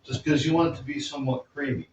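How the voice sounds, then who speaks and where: A man's voice: a little high, steady tone, fast, muffled recording, a little hiss or hum. A man casually talking through a recipe in his home kitchen, rambling and correcting himself as he goes. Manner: rambling, self-correcting, chatty. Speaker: cooking vlogger. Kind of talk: casual cooking demonstration.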